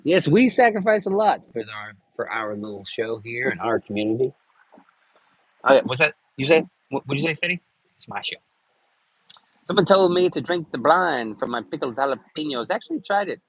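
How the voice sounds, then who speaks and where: A man's voice: medium pitch, very animated, fairly quick, breathy edge, no room sound, low-quality recording. A man chatting casually on a live stream, rambling and joking with lots of cursing. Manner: crude, rambling, jokey with frequent cursing.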